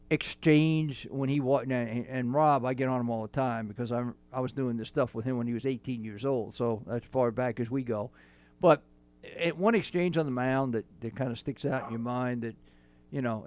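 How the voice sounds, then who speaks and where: A male sports radio host asks a long, meandering question in a relaxed, friendly way. His voice sits at a middle pitch. It sounds dry and close, with no room echo. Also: clear, resonant tone. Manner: easygoing, rambling questions. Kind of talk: casual interview.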